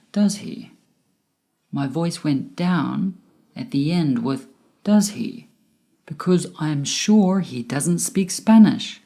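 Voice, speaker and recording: A woman with a low, mellow voice narrates a grammar lesson. She speaks at an unhurried pace and pronounces each word clearly, like a teacher reading from a script. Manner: slow, careful, clearly enunciated explanation. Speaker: English teacher.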